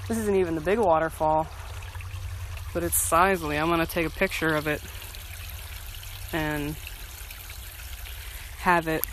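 Man who is out of breath from a hike, chatty and laughing, with a high-pitched voice and faint water sounds in the background. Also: fairly bright tone, a little hiss or hum, poor audio. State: out of breath from hiking. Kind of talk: casual vlog. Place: outdoors by a small waterfall. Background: trickling water.

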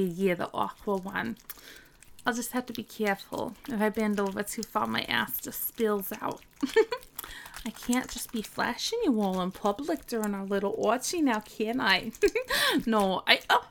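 A woman's voice: medium pitch, lively intonation, measured pace, gravelly, a little hiss or hum. A woman acting out a teasing, bossy young woman in a scripted audio role-play, giggling and scolding in mock disgust.

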